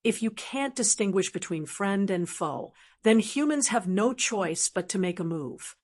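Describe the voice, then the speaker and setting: A woman reading a calm young male martial prodigy who reasons and persuades. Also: mid-range voice, measured pace. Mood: persuasive.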